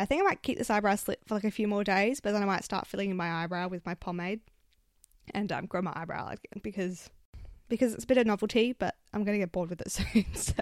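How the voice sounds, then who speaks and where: Young woman, Australian accent, casual podcast chat, sweary and lively, dry close sound. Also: medium pitch, no room sound. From South Australia. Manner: swears often, animated when venting. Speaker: podcast host. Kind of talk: casual solo podcast storytelling.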